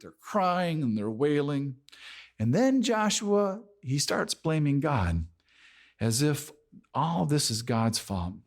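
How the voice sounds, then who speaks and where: A man preaching a verse-by-verse sermon, slowly, often restarting and repeating words. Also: mid-range voice. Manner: slow, with repeated restarts and frequent stammered words. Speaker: pastor.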